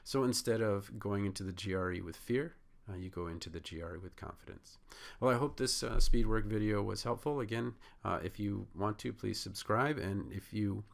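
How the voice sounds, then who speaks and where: Young male tutor, casual vlog-style lesson, low and gravelly, filler-heavy delivery. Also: normal speed. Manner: relaxed, many "uh" fillers, acts out inner thoughts. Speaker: test-prep tutor. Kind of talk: casual instructional talk.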